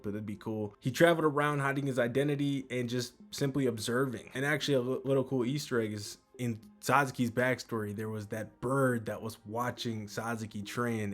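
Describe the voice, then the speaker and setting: A man casually recapping a manga chapter as host, with lots of fillers and some swearing. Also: fairly low pitch.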